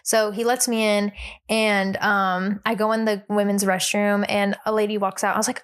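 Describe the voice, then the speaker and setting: A young woman co-hosting a podcast, telling a story in a casual, animated way, filling it with likes and ums and acting out what people said. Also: medium pitch, moderate pace, clean tone. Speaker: podcast co-host.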